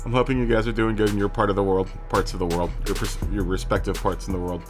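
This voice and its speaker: A man's voice: fairly low pitch, flat delivery, fast talker, music in the background. A man hosting a casual live gaming stream, chatting in a rambling way, correcting himself and laughing often.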